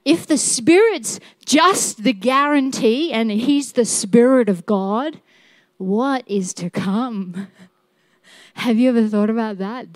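A woman's voice: a little high, darkish tone, dry recording. A woman teaching a church class, playful and laughing often as she asks the room questions. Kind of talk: sermon teaching.

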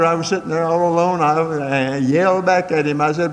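Older preacher with a raised voice, echoing hall. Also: male voice, steady tone, fairly quick, slight background noise. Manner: folksy storytelling with dramatic swings in pitch and pace. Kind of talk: sermon.

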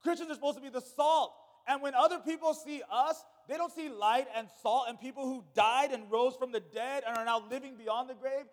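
High-voiced preaching pastor in a reverberant hall. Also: male voice, brisk, hardly any pauses. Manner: swings from loud preaching to hushed asides. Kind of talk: sermon. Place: church sanctuary. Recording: long church hall reverb.

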